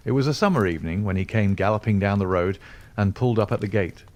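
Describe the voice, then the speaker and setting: A man reads a classic novel aloud in a low-pitched voice. His narration is measured and expressive, lifting with the stirring moments of the story. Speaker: audiobook narrator. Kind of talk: scripted narration.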